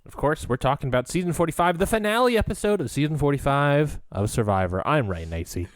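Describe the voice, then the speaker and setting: A man co-hosting a podcast in casual chat, animated and rambling, laughing often as he talks. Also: on the high side, fast talker, no echo. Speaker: podcast co-host.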